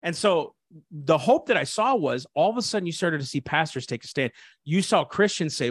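A man's voice: fairly high pitch, animated, a little fast, slightly rough, dry recording, studio quality. A man who is an assistant pastor, speaking fervently and preachily in an interview, often restarting his sentences. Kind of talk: impassioned interview talk.

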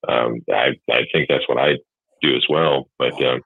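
A man with a very deep, husky voice chats in a measured, reflective manner, sometimes flat and mumbling. The sound is dry and thin, like a phone line. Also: no echo. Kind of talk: casual chat.

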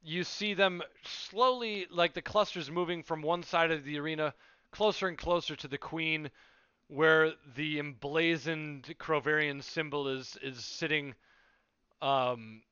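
Slow, bright-voiced male game master. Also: a little high, clear, resonant tone, dry recording, muffled recording. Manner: unhurried, with many fillers. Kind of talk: narrating a tabletop game.

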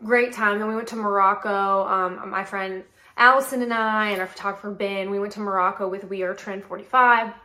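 A woman in her late twenties from North Carolina, hosting a podcast and telling a story in a chatty, animated way full of "like". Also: medium pitch, a little fast, echoey room. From North Carolina, USA. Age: late 20s. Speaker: podcast host and model. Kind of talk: casual solo chat.

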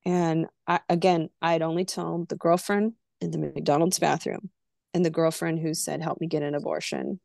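Gravelly-voiced woman telling her story. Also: sits low, level tone, normal speed, darkish tone, no room sound, clean studio sound. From California. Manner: candid, emotional, acts out quoted dialogue. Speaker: guest. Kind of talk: personal storytelling in a podcast interview.

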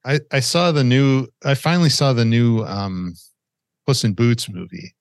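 A man on a casual podcast with a gravelly, creaky voice at middle pitch. He speaks hesitantly and keeps restarting his sentences. The sound is dry and close. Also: unhurried, dry recording. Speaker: podcast co-host. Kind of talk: casual chat.

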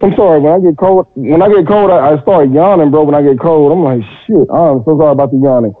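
A man from Texas, calling into a podcast and telling stories in a crude, joking, animated way. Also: fairly high pitch, fast, no room sound. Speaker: podcast caller. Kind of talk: casual call-in podcast chat. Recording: tinny phone line, dry.

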